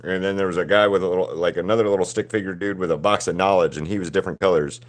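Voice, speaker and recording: A man's voice: low-pitched, fairly even intonation, rapid-fire. A young adult man chatting casually and rambling, with the odd swear word, as he paints on a livestream. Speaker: artist livestreaming a painting session. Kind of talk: casual chat while painting.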